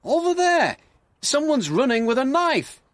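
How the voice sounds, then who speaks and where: A man reading a storybook and voicing a young male police constable who shouts his warnings in high, excited bursts. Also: slow, husky, dry recording, full character voice. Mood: alarmed.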